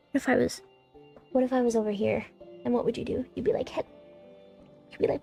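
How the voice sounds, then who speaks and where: Gravelly-voiced young woman streamer, chatty. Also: on the high side, fairly quick, long pauses, dark tone. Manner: candid, rambling, swears freely. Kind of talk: casual stream chat. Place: home streaming setup. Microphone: new condenser mic on a stand. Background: faint background music.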